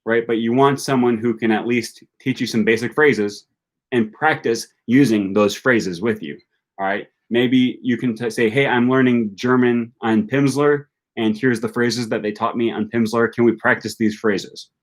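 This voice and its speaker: Young male language streamer, casual Q&A, mid-pitched voice, loose and filler-heavy delivery. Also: fairly even intonation, moderate pace. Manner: reads viewer questions aloud and answers chattily, many fillers. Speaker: language YouTuber hosting a live stream.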